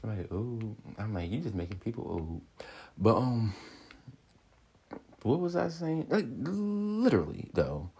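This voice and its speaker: A man's voice: on the low side, a little slow, long pauses, slight background noise. A man hosting his own show, ranting casually and swearing freely. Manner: swearing freely, animated, jumps into mocking quoted voices. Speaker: podcast host. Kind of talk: casual solo rant.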